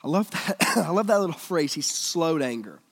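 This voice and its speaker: A male preacher giving a sermon, swinging between loud emphatic lines and hushed, almost whispered ones. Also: on the high side, animated, fairly quick, long reverb tail.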